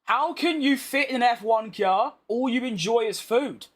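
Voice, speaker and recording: Speaking at normal speed in an extremely high-pitched voice, a young British gaming YouTuber chats over racing game footage. He reads viewer comments and answers them bluntly, with slangy banter.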